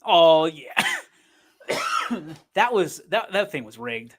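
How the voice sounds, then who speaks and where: A man co-hosts a sports stream in loose, rambling banter, pitched a little high for a man. He teases his partner playfully and drifts from topic to topic. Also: big pitch swings, takes it slowly, background noise. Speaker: sports show co-host. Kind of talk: casual banter. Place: streaming studio.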